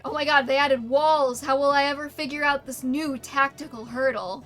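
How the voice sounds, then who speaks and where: A woman's voice: sits high, fairly even intonation, moderate pace, few pauses, a bit bright, faint music behind. A young woman streamer giving casual, crude and sarcastic gameplay commentary.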